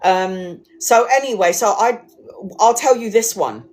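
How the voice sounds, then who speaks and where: A woman telling ghost stories casually, animated and swearing, acting out the people she quotes. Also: medium pitch, unhurried. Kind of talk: casual storytelling livestream.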